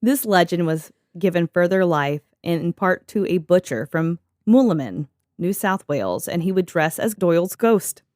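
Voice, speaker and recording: A woman's voice: lowish voice, animated, moderate pace, darkish tone, no room sound, clean studio sound. A young woman co-hosting a podcast in a casual, joking way, reading from notes and laughing often. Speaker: podcast co-host.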